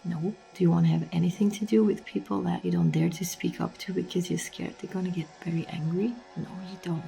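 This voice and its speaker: A woman's voice: fairly low pitch, steady tone, fast talker, creaky, dark tone. A woman who is sick and coughing, confiding her stress in a candid video diary. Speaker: vlogger.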